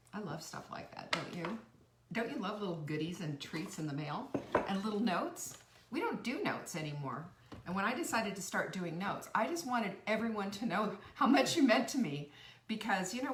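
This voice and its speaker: A middle-aged nutritionist hosts a live stream, chatting to viewers in an effusive, heartfelt way while rambling and restarting sentences. Her medium-pitched, slightly bright voice is captured from a distance in a roomy space with a little hiss or hum.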